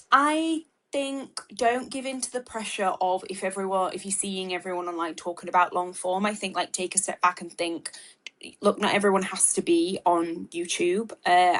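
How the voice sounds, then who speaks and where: A woman's voice: mid-range voice, little pitch movement, moderate pace. A woman, a marketing expert guest on a webinar, answering casually and thinking aloud with lots of fillers and restarts. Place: video call webinar.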